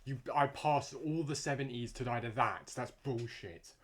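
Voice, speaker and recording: Swearing, frustrated young gamer. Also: male voice, medium pitch, normal speed. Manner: frustrated, swearing rants to himself. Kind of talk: gameplay commentary. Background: music.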